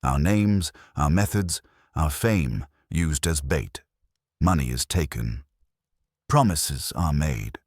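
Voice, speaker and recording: A fastidious foreign detective, as a man voices him, speaks with a smooth accent and formal courtesy. His voice sits very deep and husky, recorded dry and close. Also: animated, a little mellow, no room sound, heavily acted. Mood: grave.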